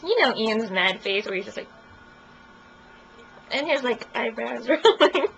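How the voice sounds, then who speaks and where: A woman's voice: on the high side, lively intonation, measured pace, fairly bright tone. A young woman telling a story in a casual interview, chatty and giggly, full of "like". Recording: muffled recording with faint hiss.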